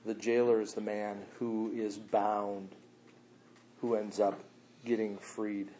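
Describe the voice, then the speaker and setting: A man preaching a sermon in a loose, slangy way, swinging between quiet asides and loud, animated bursts. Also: on the low side, slow.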